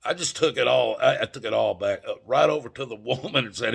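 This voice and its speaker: A man's voice: medium pitch, quick pace, gravelly, hardly any pauses, husky. A man telling a story in a casual, folksy and emphatic way to his viewers. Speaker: channel host.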